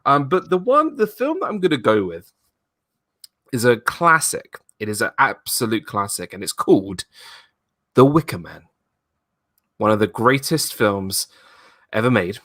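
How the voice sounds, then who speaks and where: A man hosting a casual live stream, talking excitedly and bursting into loud impressions of film lines. His pitch swings widely and his tone is bright and forceful. He sounds close and dry on a video call mic. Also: unhurried, pauses often, no room sound. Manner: enthusiastic, acts out movie quotes loudly. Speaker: host.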